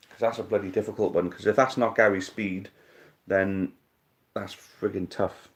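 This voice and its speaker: Casual male quiz host, deep voice, mutters and swears as he thinks, chummy with players. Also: level tone, moderate pace. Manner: thinks aloud, swears casually, calls people mate. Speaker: live-stream quiz host. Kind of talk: casual live-stream chat.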